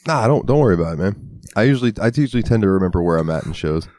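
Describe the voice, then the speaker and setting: Super deep chill guy on a podcast, laughs easy, dry sound. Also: lively intonation, racing, darkish tone, dry recording. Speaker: podcast co-host. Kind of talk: casual podcast chat.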